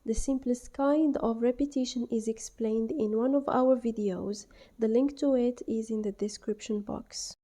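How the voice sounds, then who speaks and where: Woman teaching, dark mellow voice. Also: a little high, fairly even intonation. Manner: clear, deliberate, exaggerates classroom model phrases. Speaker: English teacher trainer. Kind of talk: instructional voice-over.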